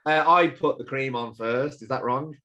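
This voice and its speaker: A man from England, a fitness event founder, chatting as a podcast guest, lively and blunt, with the odd swear word. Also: medium pitch, normal speed. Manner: animated, swears, storytelling. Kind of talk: casual interview chat.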